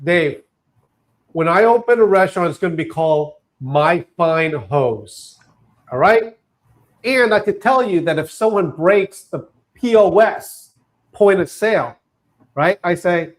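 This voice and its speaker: High-voiced joking man bantering. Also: expressive, unhurried. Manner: joking, laughing, repeats points insistently. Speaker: co-host. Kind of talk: casual comedic banter.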